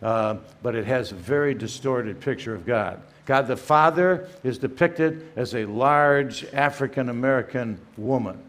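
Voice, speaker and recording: Older guy lecturing, firm and emphatic, lots of uh pauses, average pitch. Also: fairly bright tone. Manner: emphatic, many "uh" fillers, reads quotations aloud. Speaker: guest speaker. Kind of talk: apologetics lecture.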